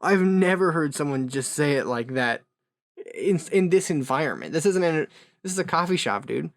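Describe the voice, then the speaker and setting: Guy chatting on a podcast, kinda high voice, rambles with lots of asides, super dry sound. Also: expressive, moderate pace, vocal fry, no room sound. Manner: rambling storyteller, trailing asides. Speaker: podcast co-host. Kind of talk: casual chat.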